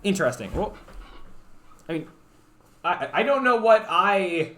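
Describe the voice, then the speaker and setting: A man's voice: high voice, very animated, a little slow, a bit bright. A young man from Canada chatting casually with stream viewers, rambling and stuttering with lots of fillers. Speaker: livestreamer. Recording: roomy echo.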